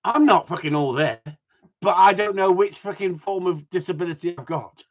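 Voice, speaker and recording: A man's voice: high-pitched, moderate pace. A middle-aged man hosting a live stream, chatting casually with viewers, swearing a lot and laughing often. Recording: dull lo-fi sound.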